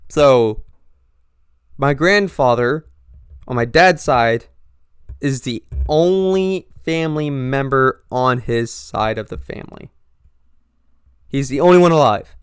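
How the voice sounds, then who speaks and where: A young man with an accent mixing Northern and Southern US speech, hosting a podcast in a halting, rambling monologue full of restarts. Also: medium pitch, clean tone, no room sound, clean studio sound. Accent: mix of Northern and Southern US. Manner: halting, with frequent restarts and trailing pauses. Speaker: podcast host.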